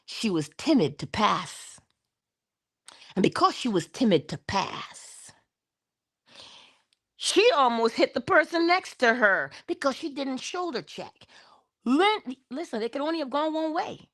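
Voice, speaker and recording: A woman hosting a spiritual talk, animated and laughing often as she tells stories. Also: sits high, a little slow, long pauses. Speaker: spiritual channel host. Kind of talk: casual spiritual talk to viewers.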